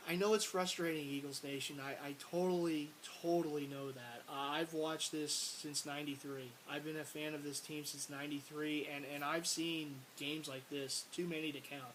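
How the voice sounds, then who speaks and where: Casting note: rambling, exasperated male fan vlogger, a touch high, faint hiss behind. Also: steady tone, normal speed, hardly any pauses, poor audio. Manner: frustrated, rambling, repeats words, bursts of exasperated shouting. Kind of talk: casual sports rant to camera.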